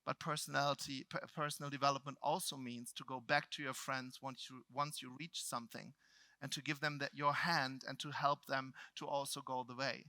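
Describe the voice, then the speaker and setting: A middle-aged man from Germany with a German accent, telling a personal story to a live seminar audience. He swings between loud outbursts and quiet reflection. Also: mid-range voice, little pitch movement, fairly quick, no echo. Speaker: motivational speaker.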